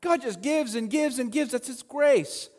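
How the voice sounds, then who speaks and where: A male pastor preaching a sermon, with animated delivery that swings between loud emphasis and quiet asides. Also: very high voice, a little slow, long reverb tail. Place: church sanctuary. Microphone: handheld or headset mic with feedback.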